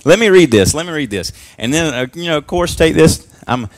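A man in his twenties preaching a sermon in church, peppering his lines with amens and swinging from quiet asides to loud, rising exhortation. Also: fairly high pitch, sing-song, a little fast, no echo. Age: 20s. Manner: punctuates lines with frequent amens and praise God. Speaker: young preacher. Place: church service.

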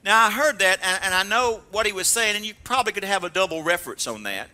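Man, pastor, sermon, high-pitched, very bright tone, animated delivery. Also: fast. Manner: animated preaching, acts out mocking dialogue.

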